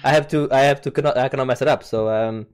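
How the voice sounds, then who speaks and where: A man's voice: medium pitch, fairly even intonation, fast talker, a little mellow, smooth. A man hosting a podcast over a video call, chatting casually, rambling and repeating and restarting words. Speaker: podcast host. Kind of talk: casual chat. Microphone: mic on a video call recording.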